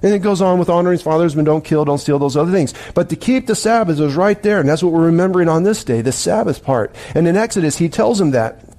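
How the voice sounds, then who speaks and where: A man's voice: a little high, lively intonation, quick pace, warm tone. A middle-aged man preaching as a pastor, telling a dream in a rambling, emphatic way with many restarts. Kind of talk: sermon with dream story.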